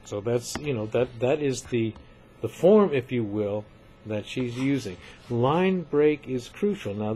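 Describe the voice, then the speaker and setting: A man giving a recorded literature lecture, measured and emphatic, often repeating points for his students. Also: mid-range voice, mellow, husky.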